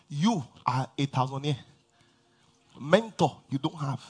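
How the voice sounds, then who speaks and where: A man's voice: mid-range voice, animated, measured pace, pauses often, breathy edge. A man preaching a sermon to a large church congregation, emphatic and drawing responses from the crowd. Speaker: pastor.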